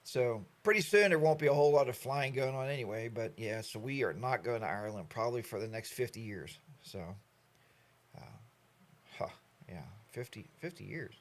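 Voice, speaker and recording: A man's voice: mid-range voice, normal speed. A man in his sixties hosting a casual live stream, rambling and joking as he greets viewers by name. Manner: rambling, jokey, animated storytelling.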